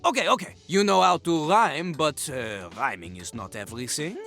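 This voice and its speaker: A man's voice: fairly high pitch, expressive, normal speed, gravelly, fairly bright tone, faint music behind. An actor voicing a cocky male rapping toilet with a French accent, who lectures fussily and breaks into sing-song rap in a video game. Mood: boastful.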